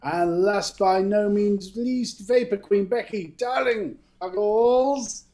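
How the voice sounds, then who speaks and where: A man's voice: high-pitched, fairly even intonation, slow pace, darkish tone. A man co-hosting a live stream, greeting chat viewers one by one with affectionate nicknames and frequent laughter. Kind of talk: casual chat. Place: home studio for a live stream.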